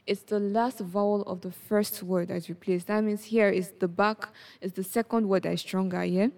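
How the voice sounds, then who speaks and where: A woman's voice: mid-range voice, creaky, a little mellow. A woman explaining a language lesson on a podcast, often checking in with the listener as she goes. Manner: explanatory, checks in with "yes?" and "okay?". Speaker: Yoruba language teacher.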